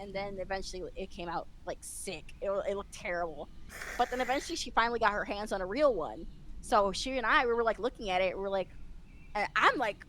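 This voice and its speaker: Casting note: young-sounding woman, animated and chatty, laughs a lot, restarts her sentences. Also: mid-range voice, fast, slight background noise, low-quality recording. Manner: excitable, laughs often, rambling with many restarts. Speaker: interview guest, VTuber. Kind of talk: casual chat.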